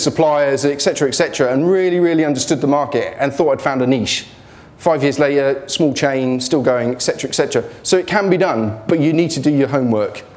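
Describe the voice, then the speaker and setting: A man's voice: a little high, darkish tone. A man giving an informal motivational talk about his business failures, blunt and joking, speaking in a students' union hall.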